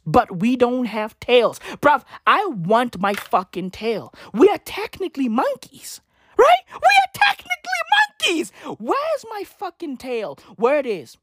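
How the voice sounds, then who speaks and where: A woman vlogger delivering a profane, mocking comedic rant to camera. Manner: profane, mocking, with exaggerated pitch swings.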